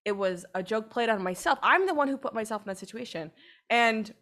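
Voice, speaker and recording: A woman's voice: fairly high pitch, expressive, a little fast, a bit bright. A woman co-hosting a podcast, telling a long, rambling story in casual chat and swearing freely. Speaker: podcast co-host.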